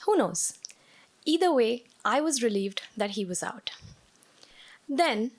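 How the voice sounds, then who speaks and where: A woman's voice: fairly high pitch, animated, slow pace. A woman performing a personal story on stage at a live storytelling show, with a wry, self-mocking delivery.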